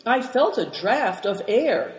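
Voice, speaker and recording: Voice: medium pitch, big pitch swings, takes it slowly, voice pushed up. A reader voicing a timid, stubborn boy. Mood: earnest. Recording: roomy hall reverb.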